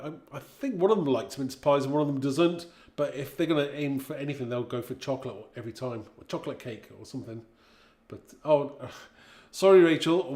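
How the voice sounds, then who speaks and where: A British man in his fifties hosts a live craft stream, chatting casually, reading viewers' comments aloud, and laughing a lot. His voice is fairly high-pitched, with a roomy sound.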